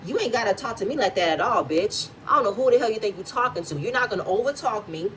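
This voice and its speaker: A woman's voice: mid-range voice, animated, fast talker, fairly bright tone, distant mic, a little hiss or hum, low-quality recording. A woman hosting a reality TV recap vlog, giving blunt, heated and profanity-laced commentary.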